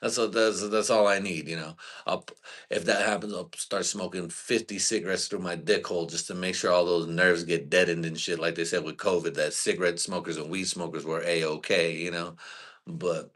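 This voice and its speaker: A man's voice: deep voice, fairly even intonation, normal speed, fairly bright tone. A man hosting his own live stream, rambling through profane comedy bits and trailing off into "you know?". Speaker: host.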